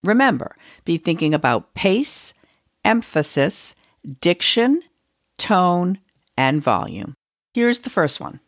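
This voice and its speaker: A woman's voice: lowish voice, sing-song, slow pace. A woman teacher hosting an educational podcast, talking in a conversational way and musing aloud with the odd filler.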